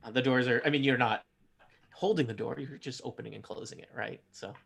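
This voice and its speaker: A man's voice: medium pitch, fast, creaky, a bit bright, husky. A man running a tabletop game as game master, describing scenes in a loose, rambling way full of fillers. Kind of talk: narrating a tabletop game, casual.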